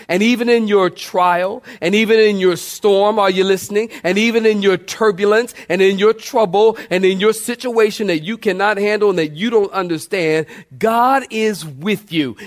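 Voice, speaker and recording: A male pastor preaching a sermon with dynamic swings in pitch and loudness, calling out to the congregation. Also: moderate pace, few pauses.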